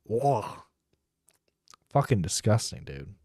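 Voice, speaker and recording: A man's voice: lowish voice, sing-song, slow, warm tone, slightly rough. Give me a profane, rambling male streamer. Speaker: internet radio host. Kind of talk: casual live-stream commentary.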